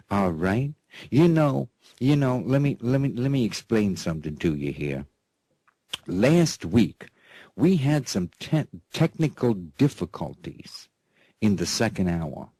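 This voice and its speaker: A rambling male radio host from the United States talks slowly, in a husky, lowish voice. His pitch swings up and down a lot as he keeps checking in with his listeners. The sound is dry and close, with no room around it. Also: mellow, no echo. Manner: rambling, constantly checking in with "okay?" and "that's right"; playful, showman-style introductions. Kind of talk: casual talk-radio monologue.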